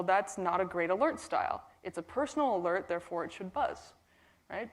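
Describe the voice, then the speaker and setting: Chatty woman giving a keynote. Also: medium pitch. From Portland, Oregon. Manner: casual and chatty, with frequent fillers and a few laughs. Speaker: keynote speaker. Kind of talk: conference keynote talk. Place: conference hall stage.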